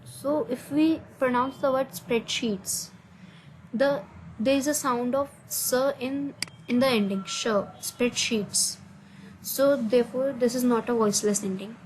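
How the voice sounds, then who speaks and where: A woman's voice: high-pitched, a little slow, darkish tone, slight background noise, poor audio. Hesitant Indian woman explaining answers. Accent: Indian English. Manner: hesitant, many uh fillers, non-native grammar. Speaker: student explaining assignment answers. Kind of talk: screen-recorded answer walkthrough.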